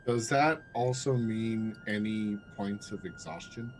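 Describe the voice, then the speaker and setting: A player in a tabletop game who talks slowly and laughs between remarks. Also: mid-range voice, wildly swooping pitch, a little hiss or hum. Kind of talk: casual tabletop play. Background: music.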